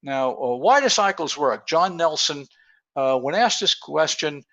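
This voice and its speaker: A man's voice: on the high side, expressive, measured pace, fairly bright tone. A man in his seventies giving a rambling, story-filled conference presentation over a call, with many fillers. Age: 70s. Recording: muffled lo-fi call audio.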